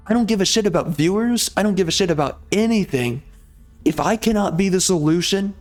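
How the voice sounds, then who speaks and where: A male gaming YouTuber delivering an angry, heavily profane rant in a blunt, exasperated way. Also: high voice.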